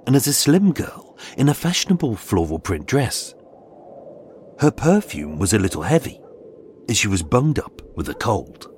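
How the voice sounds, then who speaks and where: A man narrating a scripted true-crime story in a measured, dramatic way, with suspenseful pauses. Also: medium pitch, big pitch swings, a little mellow, a little hiss or hum. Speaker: podcast host and narrator. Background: faint background music.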